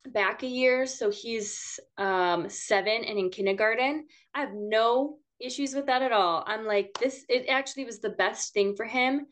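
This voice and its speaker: Woman, podcast guest, higher voice, casual, chatty, laughs often. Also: a bit bright. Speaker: podcast guest, mother of six.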